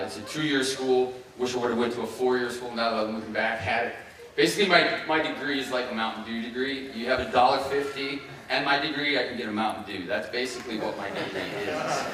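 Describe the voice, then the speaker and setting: A man's voice: medium pitch, pushed and bright, far from the mic. A man in his fifties from Ohio tells his life story as a keynote speaker. He talks loosely, with fillers and restarts. He is heard from some way off in a very echoey hall, with faint noise behind him. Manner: casual and halting, with many fillers and restarts. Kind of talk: personal story told in a keynote speech.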